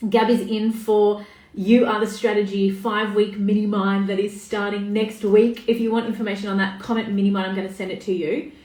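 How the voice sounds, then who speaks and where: A woman's voice: mid-range voice, level tone, brisk, a little mellow. A woman, talking casually on a live stream as a coach, swearing freely and greeting viewers by name. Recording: echoey room, voice a bit far off.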